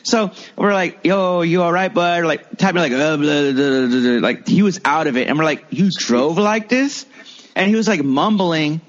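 A man's voice: on the high side, fairly quick, hardly any pauses. A man, a comedian and filmmaker, rambling through stories in casual podcast chat, full of filler words and swearing. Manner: rambling storyteller, heavy filler words and profanity. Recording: muffled lo-fi recording.

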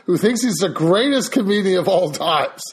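A man's voice: high voice, expressive, normal speed. A man hosting a casual podcast, cutting in with dry, teasing remarks.

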